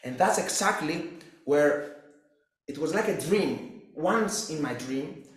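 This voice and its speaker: A man's voice: fairly high pitch, animated, takes it slowly. A young man from Cyprus, telling his personal story as a fitness coach in an intense, profane way. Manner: intense, profane, restless delivery with restarts. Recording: very echoey room.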